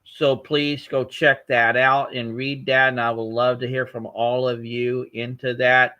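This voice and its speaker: A man in his fifties hosts an online livestream, rambling through his life story with lots of "uh" and restarts. His voice sits at a middle pitch and comes through a dull, lo-fi connection. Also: flat delivery, measured pace, pushed and bright. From Florida. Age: 50s. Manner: rambling, with many fillers and restarts. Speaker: host. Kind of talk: livestream chat.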